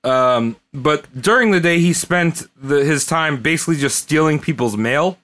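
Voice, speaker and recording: A man's voice: a little high, expressive, moderate pace, fairly bright tone. A man casually retelling a history story to friends, rambling, swearing freely and laughing along. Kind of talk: casual comedic history chat.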